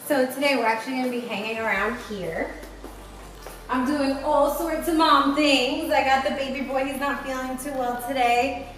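Woman vlogger, fairly high voice, chatty new-mom updates from home, faint music behind. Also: normal speed. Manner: chatty, upbeat, full of fillers like "like" and "literally". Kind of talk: casual vlog chat. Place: at home in her kitchen.

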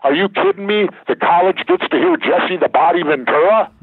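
A man's voice: high-pitched, animated, normal speed, breathy edge, no echo. Blunt older man on a tinny line. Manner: blunt, emphatic storyteller. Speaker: guest, former governor. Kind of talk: candid interview talk. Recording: tinny phone line, dry.

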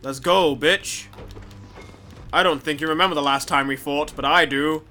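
A young man giving casual let's play commentary, rambling, swearing freely and talking to the screen, muttering quietly and then breaking into loud excited outbursts. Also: on the high side, fast talker, faint music behind. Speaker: gameplay commentator.

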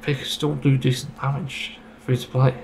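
Gravelly-voiced man ranting casually. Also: mid-range voice, level tone, moderate pace, darkish tone, slight background noise, poor audio. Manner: rambling, frustrated, swears casually. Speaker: gaming video creator. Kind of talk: casual opinion monologue.

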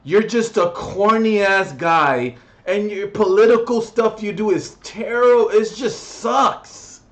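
A man's voice: high-pitched, takes it slowly, a bit bright. A young adult man vlogging a comedic, profane rant reviewing music, mocking and exasperated.

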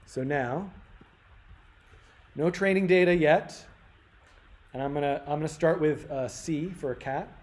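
A man teaching a live-coding workshop, thinking aloud with lots of fillers and restarts. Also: a little high. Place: workshop room. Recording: roomy live-stream audio with faint room noise.

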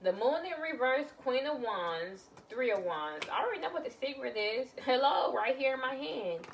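A woman's voice: sits high, animated, normal speed, gravelly, distant mic, a little hiss or hum. A woman doing a casual tarot reading, blunt and exclamatory, swearing freely as she lays out cards. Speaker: tarot reader.

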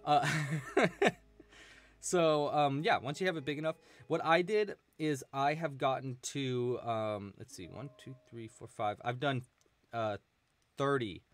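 A man's voice: medium pitch, measured pace. A man leading a live crochet tutorial, chatting casually and counting stitches aloud as he works. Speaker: crochet instructor.

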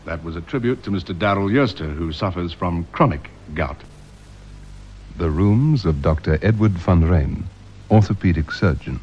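Man announcing, very deep voice, formal, muffled old tape, 1970s radio comedy. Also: expressive, normal speed, slight background noise.

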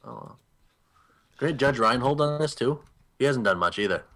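Wry podcast co-host, mid voice. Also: male voice, mid-range voice, expressive, moderate pace, fairly bright tone. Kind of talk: casual comedic chat.

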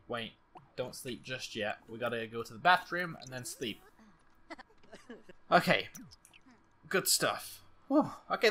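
Jumpy gaming host doing let's-play commentary, bright sharp voice, soft game music behind. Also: medium pitch. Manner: excitable, jumpy, frequent laughs and exclamations.

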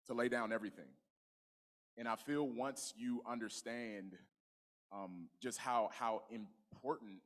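A young man preaching a sermon in a church, telling his story in a relaxed, conversational way with frequent restarts. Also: low voice. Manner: conversational, testimony-style preaching with many restarts and "you know". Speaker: guest preacher. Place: church sanctuary.

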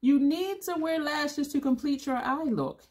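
A woman's voice: high-pitched, measured pace, a little mellow. A woman in her fifties chatting casually to camera as a beauty vlogger, blunt and rambling, laughing now and then, a little tired. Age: 50s.

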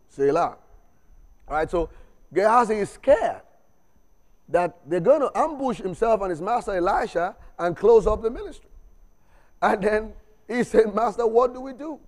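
A man's voice: sits high, measured pace, long pauses, a little mellow. A man preaching a sermon in church, exhorting with call-and-response, repeated refrains and humorous asides. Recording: long reverb of a church hall.

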